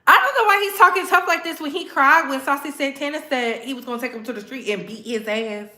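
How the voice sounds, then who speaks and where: A woman's voice: high voice, fast, bright, forceful tone, roomy sound. A woman hosting a pop culture commentary show, reacting with sass and emphatic remarks. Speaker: commentary host.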